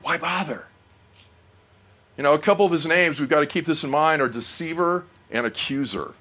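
A man's voice: on the high side, brisk, fairly bright tone. A middle-aged man preaching a sermon, earnest and personal, often asking the congregation questions.

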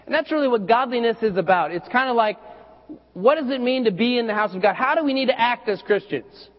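High-voiced man preaching in an echoey hall. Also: expressive, brisk. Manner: conversational, repeats words as he goes. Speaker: pastor. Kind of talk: sermon. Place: church hall. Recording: dull lo-fi recording with hall reverb.

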